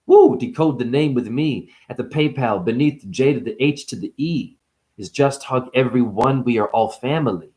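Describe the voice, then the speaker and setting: A man's voice: mid-range voice, expressive, warm tone. Man riffing profane spiritual wordplay. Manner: rapid free-associating punning, profane, laughing, preachy. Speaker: spiritual vlogger. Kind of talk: rambling spiritual wordplay monologue.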